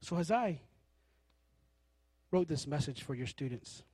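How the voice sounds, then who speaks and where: A man preaching a sermon, telling stories with animated delivery and acting out the people in them. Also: fairly high pitch, a little slow, breathy edge, no echo. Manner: animated storytelling, acting out characters.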